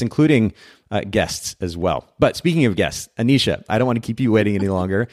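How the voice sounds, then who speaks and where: A man's voice: low voice, a little mellow, no room sound, clean studio sound. A man hosting a podcast in a chatty way, often restarting and rambling as he talks with his guest. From Japan. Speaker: podcast host. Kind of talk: casual podcast interview.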